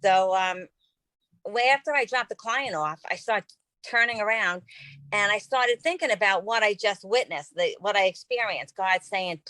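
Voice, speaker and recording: A woman's voice: medium pitch, normal speed, pushed and bright, dry recording, rough recording. A woman in her fifties, a podcast host, telling a personal story in a casual, earnest, rambling way with lots of fillers. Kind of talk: personal testimony in casual conversation.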